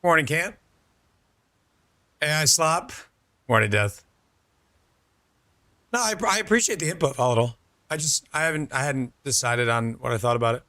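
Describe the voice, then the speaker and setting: A man's voice: mid-range voice, lively intonation, normal speed, long pauses, pushed and bright, no room sound, studio quality. A young man streaming a game, chatting casually with his viewers and answering their messages. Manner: chatty, reads out and answers chat, laid-back. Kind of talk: casual chat with viewers while gaming.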